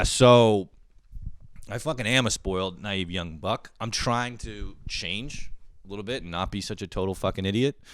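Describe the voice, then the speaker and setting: Profane young man ranting, low smooth voice. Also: dry recording, studio quality. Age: young adult. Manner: profane, self-mocking rants with mock-outraged voices. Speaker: podcast host. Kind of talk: casual comedic monologue.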